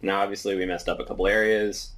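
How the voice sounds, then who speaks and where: A man teaching 3D modeling, calmly talking through each step as he works in a screen-recorded tutorial. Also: low-pitched, quick pace. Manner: relaxed step-by-step explaining while working. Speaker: 3D modeling instructor.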